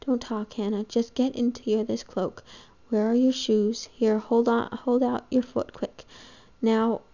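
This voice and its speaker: A woman's voice: a little high, flat delivery, measured pace, mellow. A woman reading the lines of a frightened, headstrong young woman in a storybook reading, urgent and pleading. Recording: dull lo-fi home recording.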